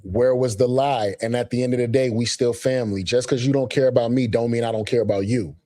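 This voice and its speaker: Male co-host, live recap stream; relaxed street slang, reads chat out loud. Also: mid-range voice, fast talker. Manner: laid-back, slangy, reads viewer chats aloud.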